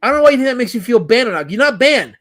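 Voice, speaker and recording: A man's voice: very high-pitched, big pitch swings, a bit bright. A man hosting a livestream in casual banter, ranting in mock outrage and answering the chat. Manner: indignant, mock-outraged rants; fast, restless, talks back to chat. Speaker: livestream host.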